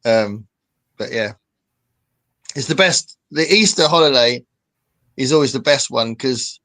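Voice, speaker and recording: A man's voice: mid-range voice, expressive, measured pace, pushed and bright. Chatty male host. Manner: chatty, rambling, reads out chat comments. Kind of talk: casual livestream chat.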